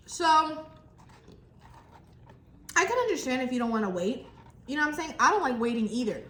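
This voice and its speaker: Bright-voiced young woman, chatty and animated. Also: high-pitched, racing. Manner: animated, talks while chewing, acts out the customer exchange. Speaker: vlogger. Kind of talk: casual storytime while eating. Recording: echoey room, faint background noise.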